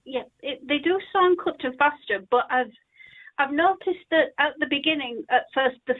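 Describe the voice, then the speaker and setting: Caller, woman: eager, chatty, thinking out loud; high voice over a tinny phone line. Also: normal speed. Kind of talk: casual chat on a call-in show.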